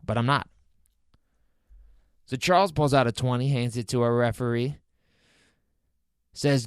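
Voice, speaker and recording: Man, podcast host, comic personal storytelling, self-mocking, mid pitch, dry recording. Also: a little slow, pauses often, clear, resonant tone, no echo. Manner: animated, incredulous, self-mocking.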